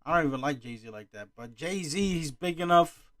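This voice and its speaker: Man, reaction commentary, ranting, annoyed, profane, slightly high voice, dry sound. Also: lively intonation, normal speed, fairly bright tone, no echo. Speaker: reaction streamer.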